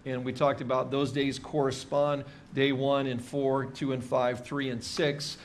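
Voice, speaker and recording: A man teaching a Bible passage in a relaxed, chatty sermon style, with many fillers and dry jokes. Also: medium pitch, a little slow, slight background noise. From Hawaii. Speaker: pastor teaching a Bible study.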